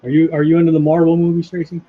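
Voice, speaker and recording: A man hosting a casual chat while he draws, talking in a relaxed, unhurried way with a dry voice. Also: on the high side. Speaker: host. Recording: muffled lo-fi audio with faint hiss.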